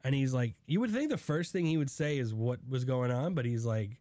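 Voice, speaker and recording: An animated man talks casually as a podcast co-host, recapping a show and jumping into brief character voices. His pitch sits in an ordinary middle range. The sound is dry and close, with no room around it. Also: no echo. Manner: animated, acts out characters' lines in quick impressions. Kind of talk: casual chat.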